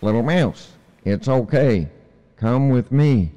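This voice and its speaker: A man's voice: medium pitch, lively intonation, takes it slowly, lo-fi sound, pitched above the performer's own voice. Man doing a kindly, helpful raccoon. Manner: gentle and encouraging. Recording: long hall reverb.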